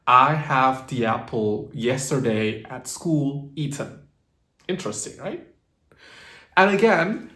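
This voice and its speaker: A man's voice: mid-range voice, fairly bright tone, roomy sound. A man giving a grammar lesson, explaining step by step and checking in with the listener. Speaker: language teacher.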